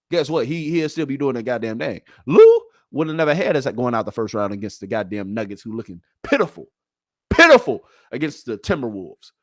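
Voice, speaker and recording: A man hosting a casual solo sports talk show, animated and full of slang, talking straight to his listeners. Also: a little high, dry recording, clean studio sound. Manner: animated, hyped, talks straight to the audience with slang. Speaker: sports podcast host.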